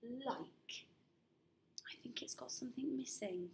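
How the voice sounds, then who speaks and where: A woman teaching young children to read and spell, speaking slowly and patiently, with a gravelly edge to her voice. She sounds out each letter with steady encouragement, and a faint hiss sits behind her. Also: on the high side. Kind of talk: phonics lesson for young children.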